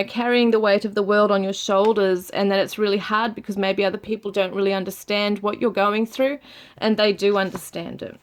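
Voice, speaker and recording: A woman giving a gentle tarot reading to her viewers, soft and soothing, with frequent fillers. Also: medium pitch. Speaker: tarot reader.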